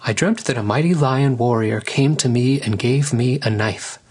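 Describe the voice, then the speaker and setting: A man reading a storybook voices a gentle, caring mother lioness who speaks softly and wistfully. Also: medium pitch, normal speed, slightly rough, pitched above the performer's own voice, close to an everyday voice. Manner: soft, coaxing and wistful.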